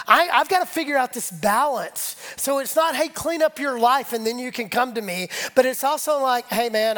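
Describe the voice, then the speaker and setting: A man's voice: extremely high pitch, fairly bright tone. A man preaching a conversational sermon, leading the congregation and acting out imagined voices as his intensity rises. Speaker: pastor.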